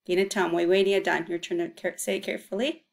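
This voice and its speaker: A woman's voice: fairly low pitch, fairly even intonation, quick pace, creaky. Woman teaching a language lesson, breaks words into syllables, patient and encouraging, has you repeat after her. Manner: patient, coaxing repetition for learners. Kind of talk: Ojibwe vocabulary lesson with call-and-response.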